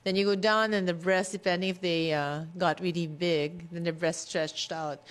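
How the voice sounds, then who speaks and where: A woman's voice: fairly low pitch, steady tone, normal speed. Woman, skin doctor, casual chat, plain explanations, talkative.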